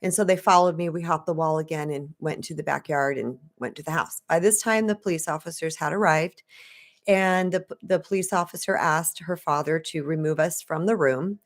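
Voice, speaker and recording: A woman with a fairly low voice tells a personal story on a live stream. She is a spiritual coach who talks in a chatty, conversational way and speaks straight to her viewers. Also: a little fast. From Arizona.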